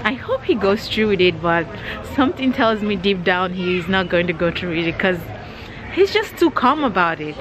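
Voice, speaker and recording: A woman's voice: mid-range voice, animated, normal speed, background noise. A woman vlogging casually outdoors, scolding and exasperated in a dramatic way. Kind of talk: casual vlog chat.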